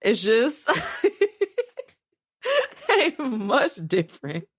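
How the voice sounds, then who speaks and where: Animated woman co-hosting a chatty podcast. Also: a little high, very slow. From Los Angeles. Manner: animated, swearing, laughing often. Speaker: podcast co-host. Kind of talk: casual chat.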